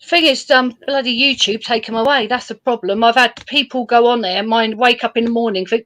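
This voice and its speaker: A woman with a slightly high voice, chatting on a live stream and giggling her way through animated stories, acting out what others said. She tells tales about exploring with easy warmth. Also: a little fast, few pauses. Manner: giggly, lively storyteller, acts out quotes. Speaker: urban explorer guest. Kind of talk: casual live chat.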